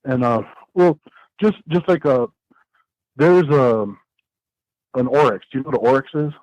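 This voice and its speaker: A man of middle pitch rambles through a story with lots of "uh" and "you know," talking as a podcast guest. The sound is dry and close, with no room echo. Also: normal speed, highs cut off. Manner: rambling, animated storytelling with many fillers and restarts. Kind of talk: casual storytelling in a podcast interview.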